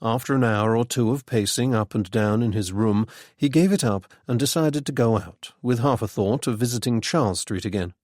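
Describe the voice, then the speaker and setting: A man at medium pitch narrates a mystery novel as an audiobook, telling the scripted story in a measured, even way. The recording is studio quality with no echo.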